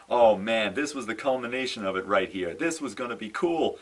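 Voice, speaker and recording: Here a wrestling fan vlogger, a young man with a fairly low, fairly quick voice, delivers casual ranting commentary to camera. Exasperated and animated, he sighs, says "no" again and again, repeats himself, and dwells on his disappointment. The mic is distant and the sound quality is poor.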